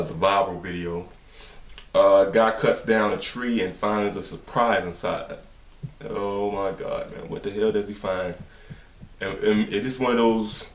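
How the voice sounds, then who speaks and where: A man hosting a reaction video, talking casually and profanely, quick to exclaim and laugh. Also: on the low side, distant mic. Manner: profane, excitable, shouts and laughs at clips. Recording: echoey room, voice off-mic, faint noise.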